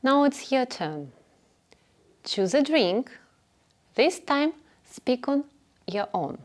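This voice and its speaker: A woman teaching a beginner class at a very slow, careful pace, her pitch rising and falling in a lively, sing-song way. She speaks clearly and patiently and repeats each phrase so learners can say it with her. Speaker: English teacher. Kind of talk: slow instructional narration.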